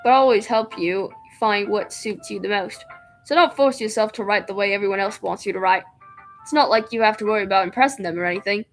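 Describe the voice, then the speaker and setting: A poised young club president speaks with a put-on British lilt that keeps drifting toward Australian, as a woman acts her out. She sounds steady and a little teasing as she encourages a nervous newcomer, with her voice sitting at an ordinary middle pitch. Faint music plays underneath. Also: quick pace, natural voice. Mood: reassuring. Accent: attempted British that comes out Australian-sounding. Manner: reassuring, confident, a little teasing. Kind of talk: reading game dialogue aloud.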